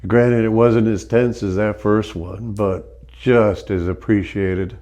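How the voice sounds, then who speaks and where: A man speaks slowly in a dark, mellow voice, drawing out awed exclamations. He sounds emotional and relieved as a chiropractic patient. His sighs and gasps stretch between short remarks. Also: fairly low pitch, steady tone. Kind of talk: spontaneous reactions during treatment.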